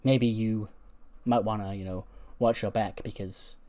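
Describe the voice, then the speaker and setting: A taunting female rival wrestler issues a veiled threat, as a man voices her. The delivery stays close to his everyday voice, even and unforced. It comes across as a plain gameplay voice-over. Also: lowish voice, unhurried, lightly acted.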